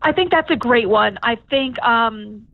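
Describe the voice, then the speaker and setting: A woman guest chatting candidly in an interview, quick to laugh, heard over a phone call. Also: fairly high pitch. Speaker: podcast guest. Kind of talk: casual interview chat. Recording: tinny phone line.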